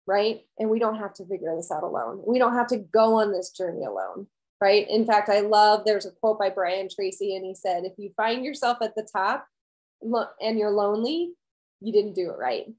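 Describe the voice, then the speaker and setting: A woman's voice: on the high side, a little mellow, rough recording. A woman wellness coach giving an earnest, encouraging motivational talk to her viewers, repeating key phrases and often asking "right?".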